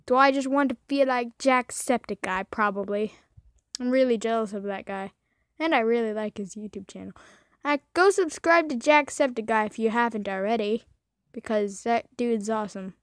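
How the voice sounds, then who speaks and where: A woman's voice: on the high side, moderate pace, no echo, clean studio sound. A young woman commenting on a game she is playing, cursing a lot and breaking into shrieking outbursts. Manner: profane, raging outbursts and shrieks. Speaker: gaming YouTuber. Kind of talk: gameplay commentary.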